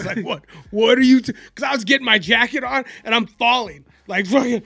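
A man with a high, gravelly voice tells a rambling, profane story in casual chat and acts out every quote. His tone is bright and edgy, and the recording is dry and close. Faint music plays underneath. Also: a little fast, hardly any pauses, no room sound.

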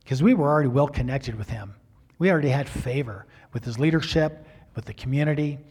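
A middle-aged male pastor telling a personal story in a sermon, animated, acting out the quotes with big swings in loudness. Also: medium pitch, brisk, husky.

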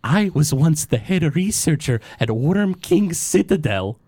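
A man's voice: on the high side, very animated, measured pace, warm tone, breathy edge, no room sound, voice pushed up, exaggerated voice. Professor Vondrakovich, a man doing a smug kobold scientist. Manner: smirking, oily and theatrical. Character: chunky stitched-together male kobold scientist, smug.

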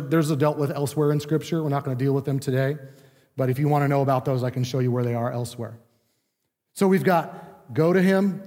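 A man's voice: a little high, dark tone. A man preaching a sermon in a conversational teaching manner, acting out what people say. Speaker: pastor. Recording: long reverb of a large room.

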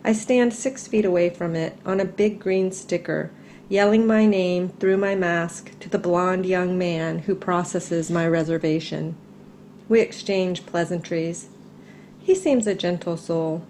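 A middle-aged woman reads her personal essay aloud, calm and measured, in a slightly low voice. A faint hiss sits under the recording. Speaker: writer reading her essay.

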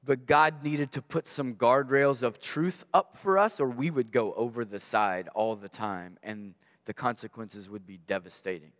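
A man preaching a sermon, telling personal stories in an animated way and acting out the voices in them. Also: medium pitch, normal speed. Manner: animated storyteller, acts out voices in anecdotes. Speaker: guest pastor. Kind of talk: storytelling sermon. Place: church sanctuary. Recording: long reverb of a large hall.

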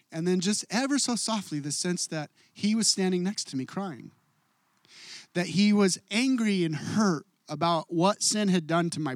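A man in his forties preaching a sermon as a pastor, earnest and confessional, going from hushed and soft to loud and raised. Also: high voice, no echo, clean studio sound. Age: 40s.

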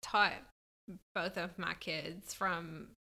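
A woman's voice: on the low side, steady tone, very slow, sharp tone. A woman in casual chat as a podcast co-host, earnest, with a lot of "like" and "you know".

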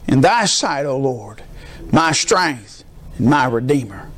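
A man's voice: mid-range voice, lively intonation, takes it slowly, fairly bright tone. A middle-aged man preaching as a pastor, emphatic and prompting the congregation with call-and-response questions. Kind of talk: sermon.

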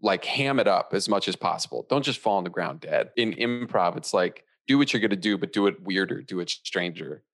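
A man's voice: low-pitched, a little fast, few pauses. A man, an improviser co-hosting a podcast, chatting playfully about improv technique. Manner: playful, jokey, animated. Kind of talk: casual chat reviewing an improv show.

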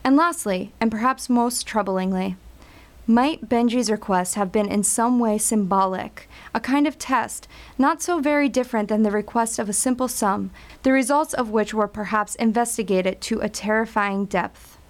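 A woman reading a scripted story in a measured, wry storytelling voice. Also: a little high. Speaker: narrator.

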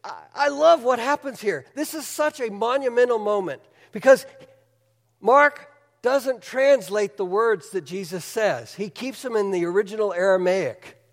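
A pastor with a notably high voice delivers a sermon, retelling a story with lively energy and drawing his listeners in with questions. His voice rings out with a long reverb through the hall. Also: unhurried. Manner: animated storytelling, asks the audience questions.

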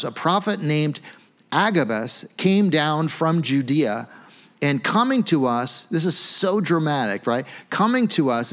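A man, a pastor, giving a sermon in a conversational, animated way, often checking in with "right?". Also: mid-range voice. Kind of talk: sermon teaching.

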